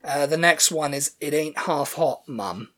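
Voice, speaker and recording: A man's voice: a little high, unhurried, pushed and bright. A British man co-hosting a podcast, chatting loosely with lots of fillers and sometimes reading out show synopses. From Britain. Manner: rambling, filler-heavy, reads out show synopses. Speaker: podcast co-host. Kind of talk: casual chat.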